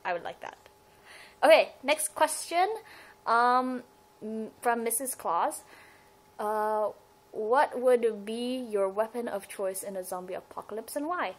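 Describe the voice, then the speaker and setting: A woman's voice: fairly high pitch, expressive, a little slow, rough recording. Young woman, casual webcam vlogger, rambling and giggly, restarts a lot. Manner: rambling, giggly, self-interrupting. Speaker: fan vlogger. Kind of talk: casual fan vlog Q&A.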